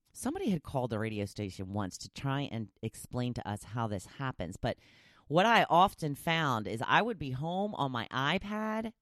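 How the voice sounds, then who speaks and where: A woman's voice: low-pitched, dry recording, clean studio sound. A woman hosting a podcast, chatting casually and opinionated as she reads out listener replies. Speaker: podcast host. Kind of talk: casual solo chat reading listener replies.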